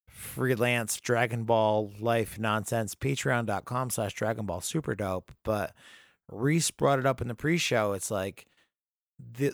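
A man's voice: mid-range voice, no room sound, clean studio sound. A man co-hosting a casual podcast, ranting and swearing freely as he vents about a story. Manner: profane, ranting, animated. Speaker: podcast co-host.

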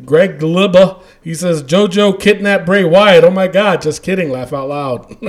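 A man's voice: high-pitched, slow. A man hosting a casual podcast, reading out listener comments and laughing often. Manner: animated, laughing often, trailing off quietly. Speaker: podcast host.

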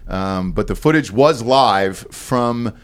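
A man's voice: lowish voice, expressive, slow, smooth. A man hosting a podcast, teasing his guests with crude, profane jokes. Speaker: podcast host. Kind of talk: crude comedic banter.

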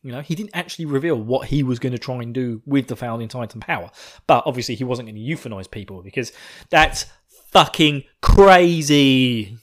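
A man's voice: medium pitch, fast talker, fairly bright tone. A man hosting a podcast, recapping an episode in a rambling, giggly way full of swearing, buzzing on coffee. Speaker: podcast host.

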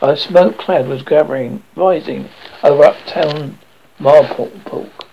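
A man's voice: fairly high pitch, slow pace, vocal fry, slight background noise. A man narrating a novel aloud in an amateur reading, often stumbling and correcting himself. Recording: dull lo-fi recording.

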